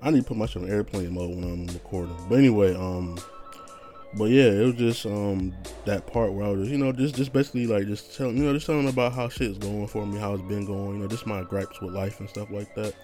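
A man's voice: on the low side, steady tone, fast talker, warm tone, soft background music. A young man hosting his own podcast, rambling casually in a laid-back, profane, slang-heavy monologue. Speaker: podcast host.

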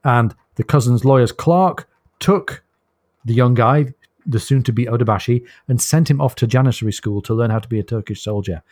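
A man's voice: mid-range voice, moderate pace, darkish tone, dry recording. A man co-hosting a casual book podcast, recounting the story with enthusiasm and frequent laughs. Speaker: podcast co-host.

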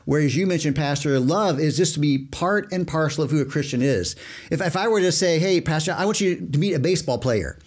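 A man's voice: a little high, expressive, fairly quick. A man discussing Scripture with a pastor. He talks emphatically, illustrates with everyday examples and repeats words as he goes. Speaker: co-host. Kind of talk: conversational Bible discussion.

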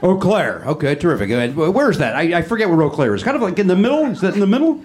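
A middle-aged man hosting a live comedy podcast on a club stage, teasing the audience with quick sarcastic crowd work. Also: high-pitched, big pitch swings, a little mellow.

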